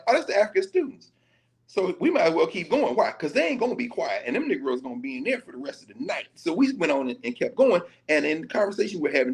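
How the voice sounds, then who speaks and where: A man from Nashville, a professor talking in lively conversational commentary, telling stories with quoted dialogue and casual vernacular. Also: sits high, creaky. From Nashville, Tennessee. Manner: animated storytelling, slipping into quoted dialogue and casual Black vernacular.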